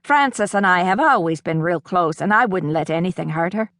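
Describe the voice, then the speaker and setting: A woman reading an audiobook, voicing a kindly, gentle uncle who is a big farmer, in an earnest, reassuring way. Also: on the low side, animated, moderate pace, no echo, studio quality.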